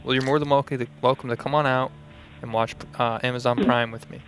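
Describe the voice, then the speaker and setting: A man co-hosting a comic call-in show in a playful, mock-earnest voice. He sits at an average male pitch and plays every line straight for the joke. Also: steady tone, fast, fairly bright tone, soft background music. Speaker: co-host.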